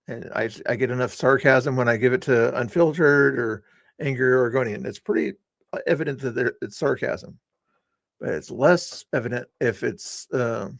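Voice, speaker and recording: A man's voice: mid-range voice, vocal fry, dry recording, studio quality. A man hosting a casual livestream, rambling and teasing his guests and chat with sarcastic inflection. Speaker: livestream host.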